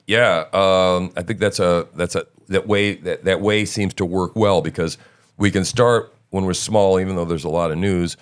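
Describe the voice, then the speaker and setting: A middle-aged man with a very low, smooth and resonant voice, hosting a casual stream. He talks loosely and rambles, full of fillers and restarts. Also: steady tone, normal speed. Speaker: show host. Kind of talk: casual live-stream chat.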